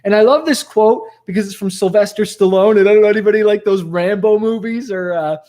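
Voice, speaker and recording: A man with a notably high-pitched voice gives a motivational talk straight to the camera, animated and conversational. He keeps dropping "like" and "okay?" as he tells stories from his past. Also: a little fast. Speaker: rap rock musician giving motivational talk.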